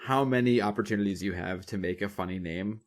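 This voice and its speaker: A man co-hosting a podcast, giving opinionated, casual takes with swearing and quick mock voices. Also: on the low side. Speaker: podcast co-host. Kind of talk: casual chat.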